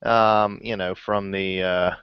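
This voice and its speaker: A man's voice: deep voice, flat delivery, takes it slowly, clean tone, no echo. Male host, easygoing questioner, very dry, lo-fi audio. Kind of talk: casual chat on a live hangout.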